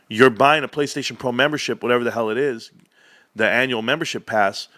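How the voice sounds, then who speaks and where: Medium in pitch and recorded dry, a man chats casually as a livestream host. He tells stories animatedly and voices the people he quotes.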